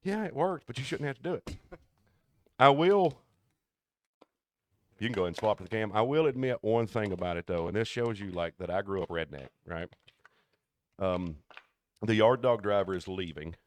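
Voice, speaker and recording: A man co-hosting a podcast, telling work stories in a casual, animated way and acting out the people he quotes. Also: fairly low pitch, moderate pace, long pauses, a little hiss or hum. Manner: animated storyteller who acts out quoted people. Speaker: podcast co-host. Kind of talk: casual storytelling chat.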